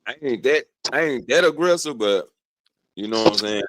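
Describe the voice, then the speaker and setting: A man's voice: mid-range voice, expressive, moderate pace, a bit bright, a little hiss or hum. A man in a casual chat who talks bluntly and aggressively, full of slang.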